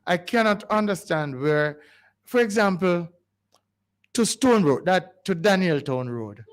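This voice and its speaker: A man's voice: sits high, animated, unhurried. A man with a Jamaican accent hosting a community radio show, talking in a rambling, pleading way with frequent restarts. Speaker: radio host. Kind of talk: call-in community radio talk. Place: radio studio.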